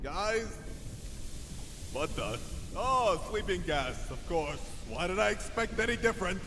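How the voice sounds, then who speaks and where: A man's voice: high voice, sing-song, measured pace, noisy background, exaggerated voice. A man voicing a weary, exasperated male cartoon unicorn who answers with sarcasm. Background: loud music.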